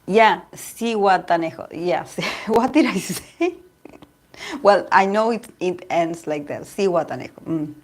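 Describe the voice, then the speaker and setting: Her voice low and animated yet unhurried, this Argentine tarot reader and channel host chats loosely with livestream viewers. A native Spanish speaker with an Argentine accent, she rambles, laughs a lot, and keeps starting over.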